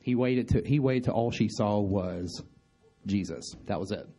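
A man giving an informal bible study talk, halting with many restarts and fillers, often asking his listeners questions. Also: lowish voice, mellow, breathy edge, soft background music. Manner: conversational, asks listeners questions. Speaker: bible teacher.

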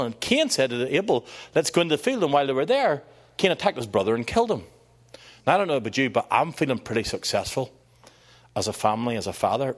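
A middle-aged man preaching a sermon in an animated, conversational way, with asides and jokes for the congregation. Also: medium pitch, breathy edge.

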